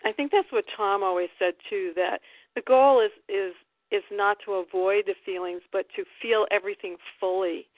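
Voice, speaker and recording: A woman of middle pitch shares her feelings on a group call, candid and emphatic, with a laugh here and there. Her voice comes through dry and thin, like a phone line. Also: normal speed, no room sound. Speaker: call participant. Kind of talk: casual personal sharing.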